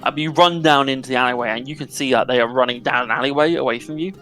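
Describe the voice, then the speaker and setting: A man runs a tabletop game, describing scenes in a loose, casual way full of fillers. His voice sits at a middle pitch, with faint music playing under the talk. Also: quick pace, bright, forceful tone. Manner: casual, filler-heavy narration. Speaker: game master.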